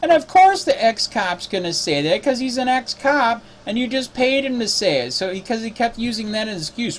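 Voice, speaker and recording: A man's voice: a little high, expressive, a little fast, a little hiss or hum. A man who is a cop watch activist, talking in a casual spoken recap, indignant and exasperated.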